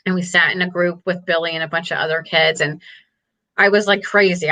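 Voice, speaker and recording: A woman's voice: on the low side, fairly even intonation, a little fast, bright, forceful tone. A middle-aged woman telling a personal family story as an interview guest, candid and earnest, often saying "like". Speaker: guest, parent advocate.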